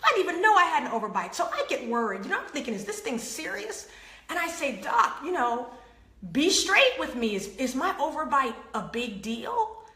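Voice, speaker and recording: A woman hosting an inspirational faith talk, telling stories with acted-out quotes and lively laughter. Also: high voice, a little fast, reverberant. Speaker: host.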